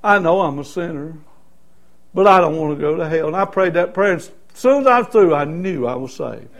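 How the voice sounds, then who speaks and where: A middle-aged man gives an animated, brisk sermon testimony about his own life, told in a folksy storytelling style. His voice is high for a man and swings from quiet, hushed moments up to loud shouting.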